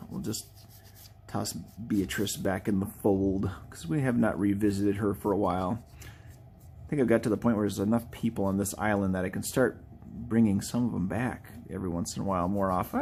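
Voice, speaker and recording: A man's voice: fairly low pitch, brisk, creaky, darkish tone, a little hiss or hum. A man hosting a live drawing video, chatting casually in a rambling, playful way that keeps correcting itself. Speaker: artist and video host.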